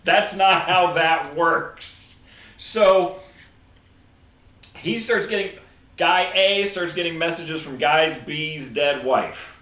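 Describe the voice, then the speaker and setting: Guy rambling through a movie plot on a podcast, kinda high voice, echoey room. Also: slow pace. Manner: rambling, animated retelling with quoted lines. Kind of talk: casual movie discussion.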